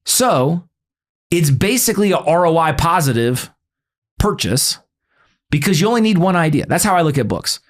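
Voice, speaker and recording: A man chatting casually about his book, his voice sitting a touch higher than most men's. He keeps it direct and to the point, then slips into animated, joking storytelling. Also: normal speed. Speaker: book author. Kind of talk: casual chat.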